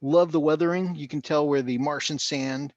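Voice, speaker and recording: A man co-hosting a hobby livestream in a casual chat, talkative and quick to laugh. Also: on the high side, steady tone, darkish tone, no room sound, highs cut off. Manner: chatty, laughs often, quick asides.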